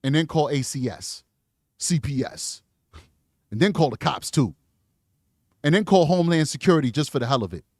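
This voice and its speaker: A man hosting a live commentary stream, talking in an animated, slangy, emphatic way. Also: a little high, moderate pace, long pauses, no echo, studio quality. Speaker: livestream commentary host.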